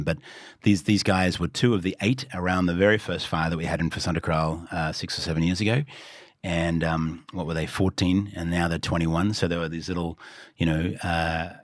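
A man's voice: sits low, fairly quick, no room sound, clean studio sound. A middle-aged Australian man, a pastor, telling stories as a guest in a podcast interview and acting out the lines he quotes. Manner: animated storyteller who acts out quoted lines.

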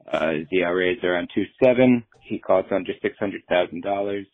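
A man calling in to a sports show with a question, steady and filled with "um"s. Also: deep voice, fairly quick, no room sound. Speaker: caller. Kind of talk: phoned-in listener question. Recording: tinny phone line.

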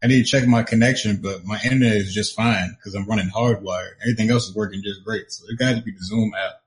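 Fast-talking man on a call. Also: on the low side, fairly even intonation. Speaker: co-host on audio call. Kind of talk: casual group chat.

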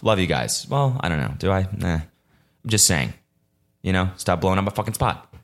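A young man with a low voice talks off the cuff on his own podcast. He rambles and swears freely and sounds exasperated. Now and then he jumps into mocking voices. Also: sing-song, brisk. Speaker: podcast host. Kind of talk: casual solo podcast rant.

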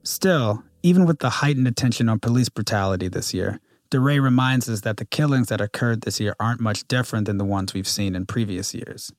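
A man hosting and reading scripted narration in a measured, even way. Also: on the low side, no echo, studio quality. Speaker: podcast host.

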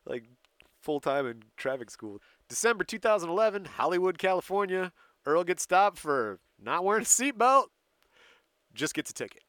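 Male co-host, bright and a bit high, storytelling with frequent laughs. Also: big pitch swings, moderate pace, no room sound. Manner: laughs often while recounting dates and events. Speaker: podcast co-host telling a story. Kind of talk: casual chat.

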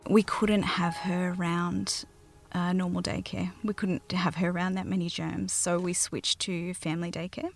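An Australian mother telling her own story in a soft, halting way that often drops to a near whisper. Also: on the low side, little pitch movement, creaky, faint music behind. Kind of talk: personal storytelling interview.

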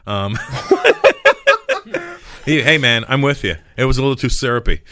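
A man's voice: mid-range voice, fast, pushed and bright, clean tone, no echo. A man guesting on a radio show as a comedian, bantering in a teasing, playful way. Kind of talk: joking studio banter. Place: radio studio.

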